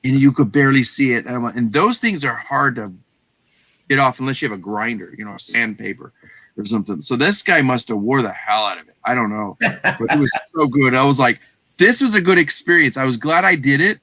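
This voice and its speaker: A middle-aged Texan man spins a loose, animated story, jumping into other people's voices as he goes. His tone is bright and forward, and the recording is dry and close with no room around it. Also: medium pitch, fairly quick, no room sound. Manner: animated, acts out quoted voices, swears casually. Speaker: guest reseller. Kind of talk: casual storytelling chat.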